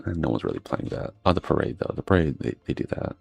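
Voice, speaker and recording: A man's voice: rumbling low, animated, fast, gravelly, breathy edge, dry recording, soft background music. A man chatting casually while he plays a game, meandering between stories and swearing freely. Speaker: gaming streamer. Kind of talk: casual rambling chat while playing.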